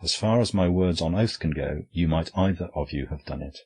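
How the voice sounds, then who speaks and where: A man voicing a small, quiet middle-aged priest detective who speaks in measured, grave tones in an audiobook. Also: deep voice, husky. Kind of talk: audiobook character reading.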